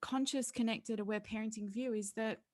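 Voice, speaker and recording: A woman's voice: a little high, steady tone, moderate pace, a little mellow. A middle-aged woman, a parenting educator, speaking as a podcast guest in an earnest, explanatory way. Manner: earnest and explanatory, slipping into playful voices for children and parents. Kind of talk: podcast interview conversation.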